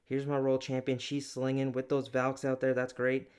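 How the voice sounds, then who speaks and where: A man giving chatty, excitable commentary over his own strategy game replay, poking fun at his own mistakes. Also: mid-range voice, normal speed, clear, resonant tone. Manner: excitable, chatty, self-mocking. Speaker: gaming YouTuber.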